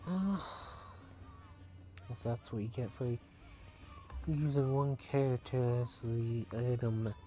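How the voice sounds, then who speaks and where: A man's voice: mid-range voice, slow, pauses often, mellow, faint music behind. Man musing through a game playthrough. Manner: musing, hesitant, self-deprecating. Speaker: let's play host. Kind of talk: casual game commentary.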